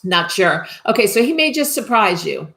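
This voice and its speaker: A woman's voice: mid-range voice, very animated, moderate pace, creaky, a bit bright. A woman working as a psychic medium, giving a live reading in a tentative, reassuring way and often checking whether she has things right.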